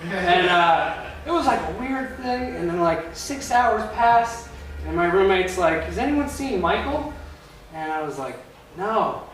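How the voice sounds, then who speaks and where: A man's voice: high voice, lively intonation, measured pace, fairly bright tone. A young man doing a rambling stand-up comedy set in a club, loose and full of filler words. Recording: echoey club from a distance with noise.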